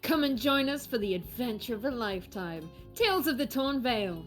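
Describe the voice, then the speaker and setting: A woman's voice: on the high side, animated, normal speed. A woman hosting a tabletop game livestream, bubbly and giggly as she introduces the players, with music faintly under her voice. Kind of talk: casual livestream banter.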